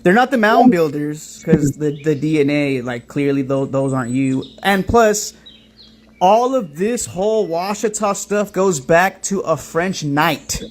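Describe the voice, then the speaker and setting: A man hosting a commentary stream and reacting to clips, speaking in a somewhat high voice. He is emphatic and profane, with a rhetorical "right?" after almost every claim. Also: expressive, a little slow.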